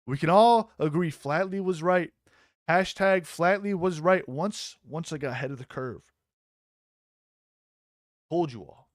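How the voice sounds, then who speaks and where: Excitable swearing man streaming commentary. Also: fairly high pitch, a little slow, pauses often. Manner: excitable and mocking, swearing freely. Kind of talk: casual live-stream commentary.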